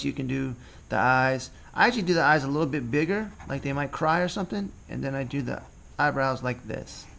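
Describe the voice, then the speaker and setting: This medium-pitched man with vocal fry teaches cartooning in a laid-back tutorial, talking casually and voicing his thoughts as he draws.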